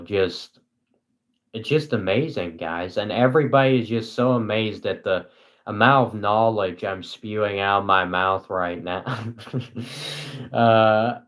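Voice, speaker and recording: A young man rambles to his live chat in a dry, self-deprecating monotone. His pace is slow, and his voice sits a little low. He sounds like a small-time streamer on a casual broadcast.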